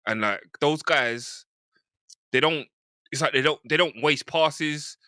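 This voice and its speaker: A man's voice: fairly high pitch, slow pace, bright, forceful tone, no echo, studio quality. A man on a football podcast panel, enthusiastic and rambling as he talks through a match. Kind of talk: casual football chat.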